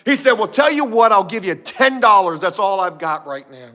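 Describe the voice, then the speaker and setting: A man with a bright, lively, fairly high voice tells a work story to his viewers. He swears freely and is animated, swinging from loud outbursts to low grumbles. The telling is casual and loose. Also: normal speed. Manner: animated, profane, shifts from shouting to muttering. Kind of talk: casual storytelling to a live chat.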